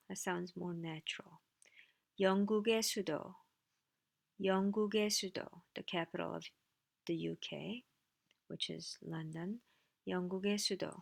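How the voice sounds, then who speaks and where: Gravelly-voiced woman teaching language. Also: mid-range voice. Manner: dry asides, casual and explanatory. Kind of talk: recorded lecture with slides.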